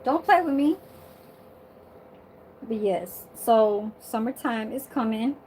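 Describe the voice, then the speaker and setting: A woman's voice: a little high, animated, takes it slowly, warm tone, a little hiss or hum, low-quality recording. A woman vlogger chatting casually to her viewers from her bedroom, sassy and blunt, swearing freely and laughing often.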